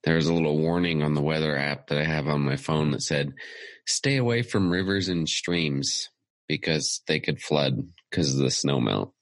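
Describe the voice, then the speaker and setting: A man with a very deep, gravelly voice co-hosts a casual podcast. He sounds laid-back and dry, as though he just woke up. The recording is close with no room echo. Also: normal speed. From California. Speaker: podcast co-host.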